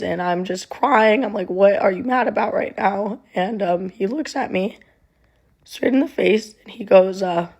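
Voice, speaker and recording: Husky young woman with vocal fry. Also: medium pitch, a little mellow. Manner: halting, many ums and restarts. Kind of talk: casual storytelling to camera.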